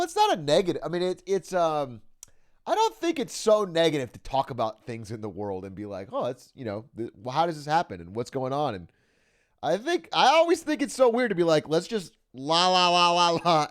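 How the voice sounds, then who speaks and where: Lively young man chatting on stream. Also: medium pitch. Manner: animated, laughing, swears often, reads out chat. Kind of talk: casual chat with stream chat.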